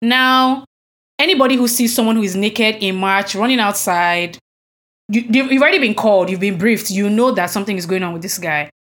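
Woman podcast co-host, mid-pitched, telling a story with pointed outrage in relaxed conversation. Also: a little fast. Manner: indignant, emphatic storytelling with rhetorical questions. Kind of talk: casual conversational chat.

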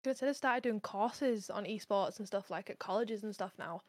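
A woman's voice: mid-range voice, a little mellow, no room sound, clean studio sound. A young woman, a student co-host, chatting upbeat and chatty in a casual interview. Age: young adult. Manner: chatty, upbeat, quick talker.

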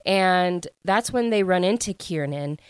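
Young woman host, casual spoiler recap, low voice, dry close sound. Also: animated, clean tone, no room sound. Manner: chatty, fillers of "like", quick retelling. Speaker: book podcast host.

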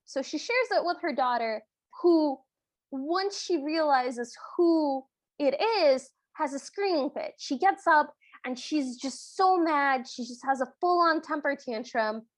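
This podcast co-host recaps a movie in a bright, high voice. She tells the story expressively and doesn't hold back her strong opinions in the casual chat. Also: unhurried, dry recording.

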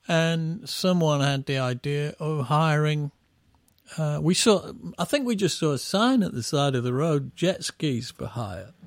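Gravelly, rambling storytelling man. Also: fairly high pitch, lively intonation, unhurried, no echo, studio quality. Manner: rambling storyteller with restarts, laughing at his own stories. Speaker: band musician guest. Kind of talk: casual anecdotal chat.

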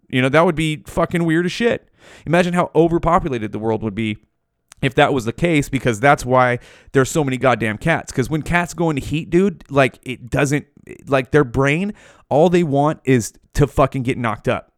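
Casting: rambling foul-mouthed man, mid pitch, dry close recording. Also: expressive, normal speed, no echo. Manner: profane, rambling, stoner musing. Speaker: podcast host. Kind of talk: casual rambling monologue.

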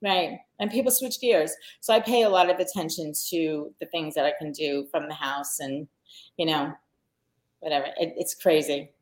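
A woman's voice: low-pitched, moderate pace. A middle-aged woman from Long Island, chatting as a podcast guest and telling stories with frequent fillers and restarts. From Long Island, New York. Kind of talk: casual conversation.

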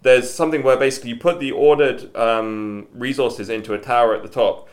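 A man's voice: mid-range voice, steady tone, fairly quick. A man co-hosting a casual podcast, chatting enthusiastically with lots of filler words. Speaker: podcast co-host. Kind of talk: casual chat.

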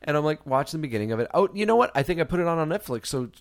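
A man's voice: fairly high pitch, big pitch swings, racing. A man in his thirties co-hosting a podcast, chatting casually, laughing often and teasing his co-host. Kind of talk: casual chat.

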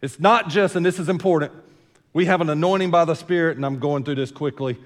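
A Southern American man preaches in a folksy style, his fairly high voice ringing through a big hall with a long reverb. He drops into quiet, chatty asides, then rises into loud, emphatic declarations. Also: brisk. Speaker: senior pastor. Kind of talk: sermon.

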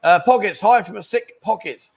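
A man's voice: sits high, normal speed, vocal fry, darkish tone, breathy edge. A man hosting a casual live stream from a bar, bantering and reading out viewer comments. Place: bar lounge.

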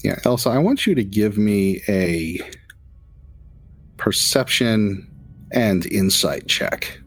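A man narrating as game master of a tabletop role-playing game in a relaxed, descriptive way. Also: on the low side, slow pace, breathy edge.

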